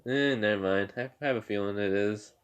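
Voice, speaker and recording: A man's voice: fairly low pitch, moderate pace, smooth, close to an everyday voice. A man voicing a laid-back, teasing teenage boy hero in a fan-made story, offhand and unbothered. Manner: drawling, offhand, indifferent.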